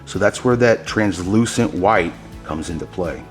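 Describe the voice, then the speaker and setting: A man hosting a hands-on epoxy tutorial, talking straight to his viewers, excited by his own results and handing out pro tips as he works. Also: low-pitched, a little slow, faint music behind. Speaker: host demonstrating epoxy countertop techniques.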